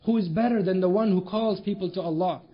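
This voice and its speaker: A man with a notably high voice delivers a sermon, driving his points home with emphatic rhetorical questions and stories. The recording sounds dull and lo-fi. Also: fast. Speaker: preacher.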